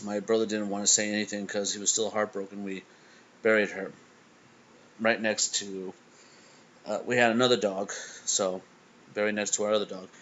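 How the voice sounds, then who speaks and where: A young man hosting a reaction video, telling a personal story in a halting way with stammering restarts. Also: fairly low pitch, fairly bright tone, muffled recording, a little hiss or hum. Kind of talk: casual emotional storytelling.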